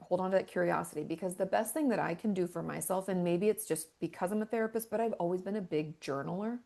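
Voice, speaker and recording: A woman therapist talks on an interview show with a slightly low pitch and plenty of gravelly fry in her voice. She is candid and self-deprecating, tossing in quick asides as she explains. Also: mellow. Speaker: therapist and author guest. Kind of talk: casual conversational interview.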